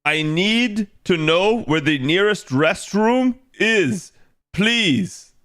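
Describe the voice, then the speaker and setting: A man's voice: sits high, animated, a bit bright, pitched above the performer's own voice, heavily acted. A man putting on an overly polite tourist voice. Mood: mock-formal. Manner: slow, exaggerated, over-enunciated.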